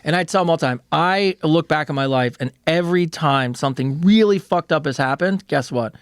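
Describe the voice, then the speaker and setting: A man's voice: fairly high pitch, brisk, clean tone, dry recording. A man co-hosting a casual podcast, speaking frankly and matter-of-factly and swearing casually. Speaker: co-host.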